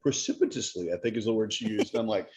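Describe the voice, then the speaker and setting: A man co-hosting a podcast in casual chat. He is an animated storyteller who acts out voices and enunciates carefully. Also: on the low side, rapid-fire, husky. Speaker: podcast co-host. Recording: dull lo-fi sound.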